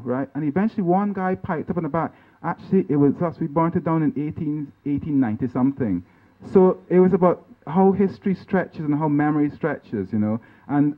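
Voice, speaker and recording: A man from Guyana giving an informal artist's talk over slides, halting with many restarts and tag questions like "right?" and "you know". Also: medium pitch. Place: lecture venue. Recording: tinny, phone-like band-limited sound.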